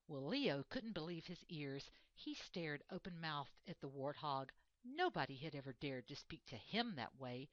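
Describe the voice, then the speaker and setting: A woman reading a picture book aloud, expressive and measured. Her voice sits on the lower side. The recording is dry and a little dull. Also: dry recording. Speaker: reader. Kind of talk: storybook reading.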